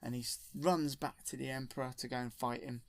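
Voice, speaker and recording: A man's voice: mid-range voice, fairly even intonation, a little fast, creaky, slight background noise. A man rambling enthusiastically through a film retold from memory, correcting himself as he goes. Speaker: storyteller.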